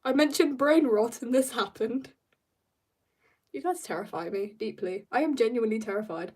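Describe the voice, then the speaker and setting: A woman's voice: a little high, darkish tone, husky, distant mic. British teen girl streamer, chatty and giggly, talks while she draws, sits a bit off-mic. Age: teens. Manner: rambling, giggly, talks in quick bursts. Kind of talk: casual livestream chat while drawing.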